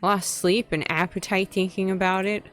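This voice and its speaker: A woman voicing a blunt, quick-tempered bartender who stammers and rants, reading a story game aloud. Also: fairly low pitch, fairly even intonation, faint music behind, lightly acted. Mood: angry.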